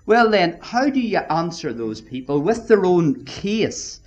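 A man preaching a sermon, emphatic and deliberate, often addressing his listeners as friends. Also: high voice, big pitch swings, muffled recording.

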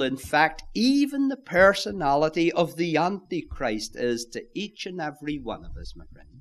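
A man's voice: on the high side, a bit bright. A man preaching a sermon, emphatic, repeating key phrases and addressing listeners as friends.

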